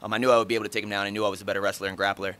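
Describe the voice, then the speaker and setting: A man's voice: fairly low pitch, flat delivery, bright, forceful tone. A man in his thirties answering reporters after a fight, blunt, talkative and swearing freely. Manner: blunt, profane, fast and talkative. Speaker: fighter at post-fight press conference. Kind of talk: casual post-fight interview answers.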